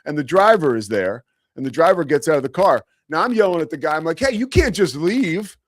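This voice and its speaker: A man's voice: a little high, lively intonation, fast talker, no echo, clean studio sound. Rambling, self-deprecating male sports host. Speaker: sports talk show host. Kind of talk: casual storytelling monologue.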